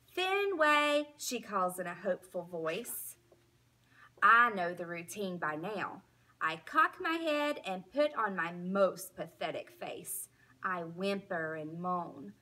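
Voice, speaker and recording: A woman teacher reading a children's storybook aloud in a slow, expressive way. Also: fairly low pitch.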